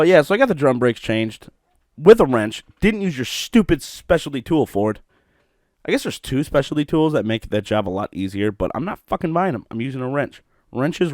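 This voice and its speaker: A young man hosting a podcast from home, telling stories in a profane, animated way with bursts of laughter. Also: medium pitch, fairly quick, no room sound, studio quality. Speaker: podcast host. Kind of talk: solo podcast monologue.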